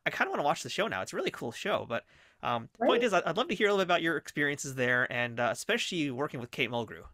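Fast, bright-voiced American podcast host. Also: male voice, a little high, sing-song, dry recording, clean studio sound. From United States. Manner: enthusiastic, chatty questioner. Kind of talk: casual interview conversation.

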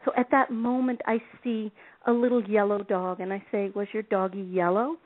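A woman telling stories as a guest on a call-in show, lively and expressive, acting out the people in her stories and laughing often. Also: medium pitch, moderate pace. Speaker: relationship advice author, guest. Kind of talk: animated storytelling on a call-in radio show. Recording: phone-line sound.

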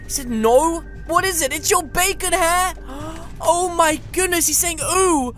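A woman giving excitable, playful gameplay commentary, melodramatic and mock-indignant. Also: extremely high pitch, measured pace, faint music behind. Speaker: gaming YouTuber.

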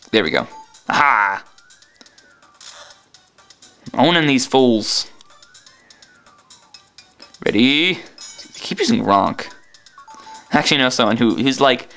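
A man's voice: mid-range voice, a bit bright, clean tone. A man giving casual gameplay commentary with joking, sarcastic asides. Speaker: let's play commentator.

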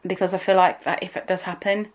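A woman's voice: lowish voice, flat delivery, fast talker, dull audio. A young woman chatting casually at home for her vlog, rambling and emotional, often trailing off mid-thought. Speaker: vlogger.

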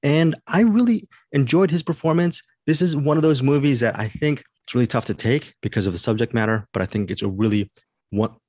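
A man's voice: mid-range voice, a little fast, a little mellow, dry recording, studio quality. A man hosting a podcast, chatting casually and eagerly about a new movie, often restarting his sentences. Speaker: podcast host. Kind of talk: casual movie review chat.

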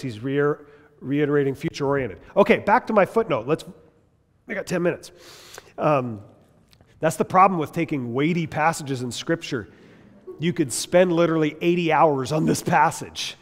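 Speaking at a normal speed with long pauses, this fairly high-pitched man leads a Bible class with emphasis. Rhetorical questions come often, and he keeps restarting sentences, while the hall adds a long reverb to the recording.

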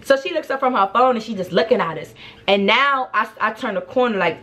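A young woman tells a story in a casual, animated way, full of slang and asides to her viewers. Her voice sits a little high, and she slips into acted-out quotes as she goes. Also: brisk. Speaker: vlogger.

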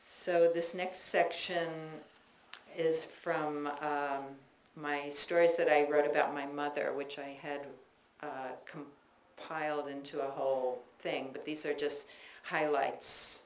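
A woman reading her own personal essays aloud to an audience in a bookstore, measured and reflective, with chatty asides between pieces. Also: deep voice, steady tone, slight background noise. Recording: echoey room recording with faint ambience.

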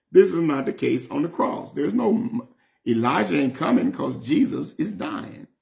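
Animated gravelly preacher, man. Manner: animated, rises to high excited bursts, reads scripture slowly. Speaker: bishop teaching Bible study. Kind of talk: preaching Bible study.

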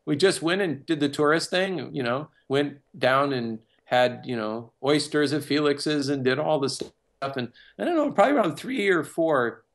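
A man's voice: on the high side, animated, normal speed. A man who works as a music producer and composer, telling a personal story in a casual interview and acting out other people's lines as he goes.

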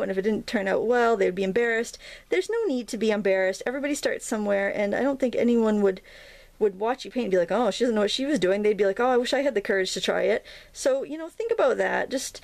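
A woman's voice: fairly high pitch, darkish tone, no room sound. A woman in her thirties hosting a casual painting tutorial, chatty and rambling, with lots of ums as she works. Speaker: craft video host.

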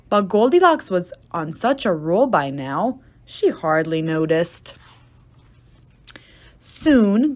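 A woman reads a children's storybook aloud, taking her time over each phrase. Her pitch rises and falls in wide, playful swings. She drops dry, deadpan asides into the tale. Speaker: storybook reader.

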